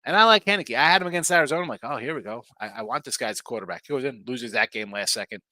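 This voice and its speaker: A man hosting a live sports betting show, chatting fast and casually while reading viewer comments aloud. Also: mid-range voice, expressive, bright, forceful tone, no echo. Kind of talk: casual live-stream chat.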